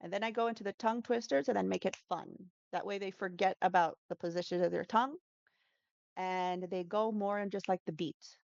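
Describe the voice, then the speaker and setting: Gravelly-voiced woman teacher, chatty. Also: mid-range voice, steady tone, brisk, a little mellow, no echo, highs cut off. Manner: chatty, many fillers and self-corrections. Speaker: English pronunciation teacher, interview guest. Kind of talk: casual interview answers.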